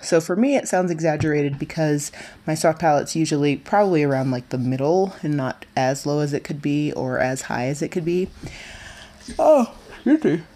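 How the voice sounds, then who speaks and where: A young woman teaching voice in a chatty, informal way, pausing with fillers and correcting herself. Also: low voice, dark tone. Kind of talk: casual spoken singing lesson.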